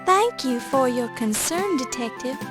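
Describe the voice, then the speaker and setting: A woman's voice: sits high, lively intonation, unhurried, over music. An actress playing a young, determined woman newspaper reporter in a video game, polite but firm. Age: young adult.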